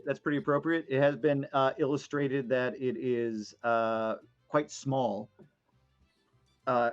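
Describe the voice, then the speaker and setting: Guy dming a tabletop game, rambly, lots of uh and like, kinda dull lo-fi audio. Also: medium pitch. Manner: rambling, filler-heavy improvised narration. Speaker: dungeon master.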